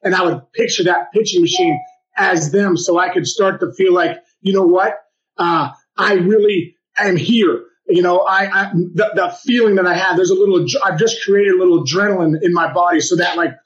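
A man's voice: sits high, moderate pace, muffled recording. A man co-hosting a podcast as a baseball coach, talking with enthusiasm and lots of stumbling restarts. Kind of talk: casual podcast chat.

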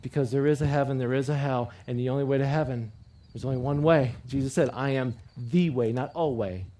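This mid-range, slightly fast male voice belongs to a pastor delivering an earnest sermon. He repeats key phrases, draws the congregation into call-and-response, and moves between loud emphasis and quiet personal appeals.

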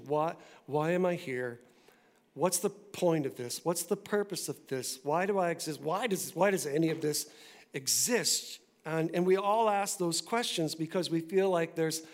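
A male pastor preaches to his church in a loose, conversational way, tossing in quick asides as he goes. His voice sits high for a man. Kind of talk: sermon.

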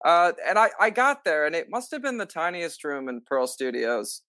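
A man, a stage actor, telling a story in a casual interview, lively and acting out what others said, with lots of filler "like"s. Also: a little high, moderate pace, dry recording, studio quality. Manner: animated, acts out quoted lines; many filler likes. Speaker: musical theater actor, guest.

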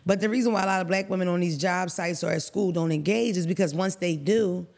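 Blunt, profane woman with a gravelly voice. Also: on the low side, quick pace, darkish tone. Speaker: podcast co-host. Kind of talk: casual podcast storytelling.

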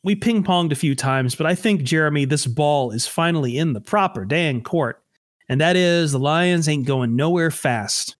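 A man's voice: fairly high pitch, dry recording, studio quality. A man hosting a casual sports podcast in a sarcastic, joking way. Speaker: podcast host.

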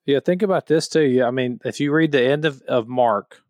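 A man's voice: medium pitch, a little fast, a little mellow, dry recording. Man, podcast co-host, earnest, emphatic, restarts often, Bible discussion, dry studio sound. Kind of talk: Bible discussion, reading scripture aloud.

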